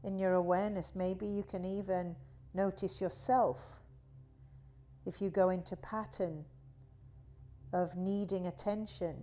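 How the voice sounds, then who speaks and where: A woman teaching a guided yoga class, talking in a slow, soothing, drawn-out way. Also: fairly low pitch, fairly even intonation, dark tone. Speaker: yoga instructor.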